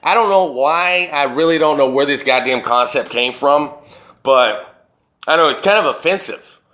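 A man ranting alone in a profane, animated way, firing off rhetorical questions as a show host. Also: a little high, normal speed. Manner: burping. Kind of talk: profane solo rant.

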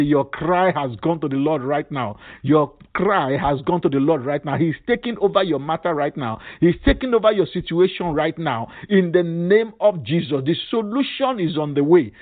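A man's voice: a little high, animated, normal speed, few pauses. A male pastor leading a fervent prayer sermon, repeating emphatic phrases. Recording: tinny phone-line sound.

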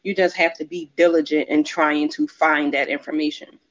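A woman's voice: low-pitched, fairly even intonation, normal speed. A woman therapist talking casually as an interview guest, chatty and full of little fillers. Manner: chatty, many fillers like "like" and "kinda". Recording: dull lo-fi sound.

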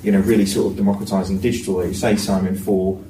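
A man's voice: low voice, level tone, fast, dark tone. Hesitant man, distant and roomy. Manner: hesitant, repeats words, many fillers. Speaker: podcast co-host. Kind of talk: casual panel discussion. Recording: roomy, distant mic with faint noise.

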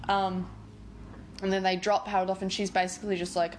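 Woman, mid-pitch, casual co-host; rambles and giggles through a plot recap, lots of "like"; faint room noise. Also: flat delivery, a little fast. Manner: rambling, giggly, uses filler "like" often. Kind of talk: casual chat, retelling a film plot.

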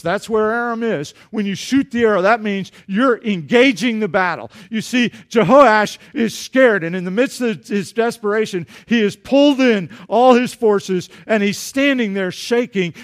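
A man preaching a sermon, animated, acting out voices in the story and joking with the congregation. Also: high-pitched. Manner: animated, acts out dialogue, jokes with congregation. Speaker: pastor.

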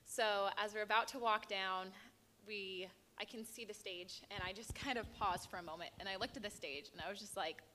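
A woman's voice: mid-range voice, brisk, bright, forceful tone, slight background noise. A young woman in her twenties giving an emotional personal testimony as a guest, telling her story with lots of animation. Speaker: guest, pageant winner.

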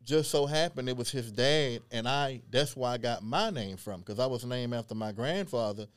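A man from Louisiana, a historian and genealogist, telling his story in an earnest, animated way in a casual interview. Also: mid-range voice, moderate pace, clear, resonant tone.

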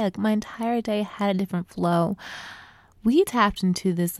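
A young adult woman coaching women on feminine energy in casual talk, speaking softly and drawing words out, often dropping to a near whisper. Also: medium pitch, moderate pace, no room sound, studio quality.

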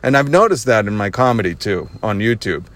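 Speaking a little fast, this man has a fairly low, lively voice with a slightly bright edge. He's a dad and podcast host, driving while he spins a casual, sarcasm-laden tale punctuated by frequent laughs.

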